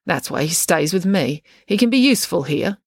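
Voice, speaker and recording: A woman's voice: on the low side, animated, moderate pace, gravelly, slightly rough, no room sound, clean studio sound, exaggerated voice. A woman voicing a stern, blunt old woman who was once a circus aerialist. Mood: brusque. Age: older. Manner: brusque, blunt and commanding.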